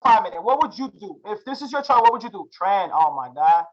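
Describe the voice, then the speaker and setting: Teaching chart reading live, this young trading instructor is hyped and full of slang, peppering his students with repeated questions. He speaks briskly in a high, sing-song voice over dull audio.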